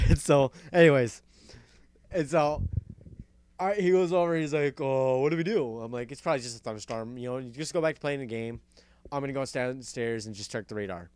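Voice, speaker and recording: A young man hosting a casual talk show, telling a story in an animated way, laughing and swearing often. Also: medium pitch, fairly quick, clean tone, no echo. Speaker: podcast host.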